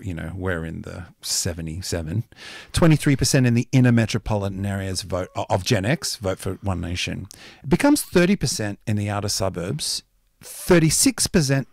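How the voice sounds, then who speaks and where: A man in his fifties co-hosting a casual political discussion, animated and quick to jump in, often trailing off quietly at the ends of phrases. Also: low-pitched, creaky, no echo, clean studio sound. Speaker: co-host.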